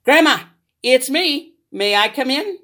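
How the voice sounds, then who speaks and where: A woman voicing an innocent little girl in a storybook reading, bright and childlike. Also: high-pitched, animated, measured pace, pitched above the performer's own voice, exaggerated voice.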